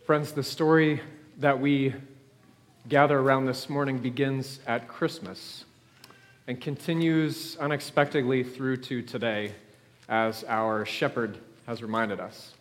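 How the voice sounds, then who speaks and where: A male pastor leading his congregation in a solemn, measured prayer in a church. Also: medium pitch, fairly even intonation. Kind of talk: sermon and prayer. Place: church sanctuary.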